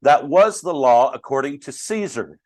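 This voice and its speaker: A man's voice: medium pitch, lively intonation, normal speed, darkish tone, no echo. A middle-aged man teaching a Bible class in a conversational way, asking the class questions and joking with them. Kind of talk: interactive Bible study teaching.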